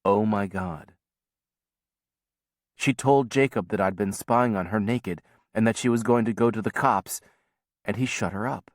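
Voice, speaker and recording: A man reading a novel aloud as first-person audiobook narration, in a measured, quiet storytelling manner. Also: fairly low pitch, dry recording, studio quality.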